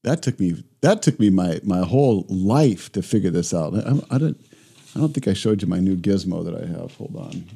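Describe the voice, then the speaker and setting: A middle-aged man, a guest in a remote interview, telling stories in a lively conversational way and acting out both sides of his conversations. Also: deep voice, moderate pace, vocal fry, husky. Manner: animated storyteller who acts out both sides of conversations. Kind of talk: reflective conversational storytelling.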